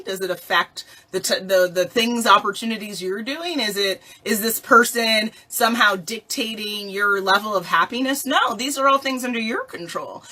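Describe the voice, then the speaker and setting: A woman coaching listeners in a motivational talk, playful and animated, often asking rhetorical questions and laughing. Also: medium pitch. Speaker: life coach.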